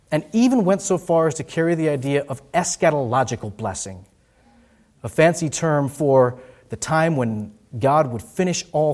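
Male pastor, fairly high voice, sermon delivery with rising emphasis and soft low drops.

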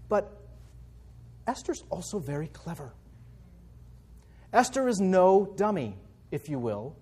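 Male Bible teacher, high voice, conversational, quick rhetorical questions. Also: mellow.

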